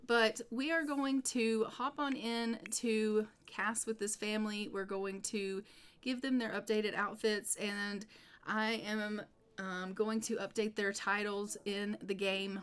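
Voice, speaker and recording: A woman's voice: mid-range voice, smooth. A woman narrating her life-sim gameplay in an upbeat, casual way, often repeating "go ahead.". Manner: upbeat, repetitive "go ahead" phrasing. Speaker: gameplay video creator.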